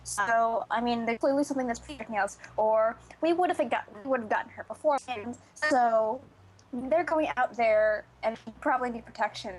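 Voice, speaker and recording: A woman's voice: a little high, moderate pace, poor audio. Chatty, hesitant woman playing a tabletop game. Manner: chatty, hesitant, many fillers. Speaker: player.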